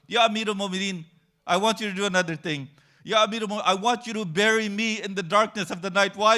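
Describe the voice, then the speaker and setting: A man retelling a religious story at a mourning gathering in an emotional narrating style, growing louder toward the end. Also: high voice. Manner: retells a tragic story, rising to loud cries.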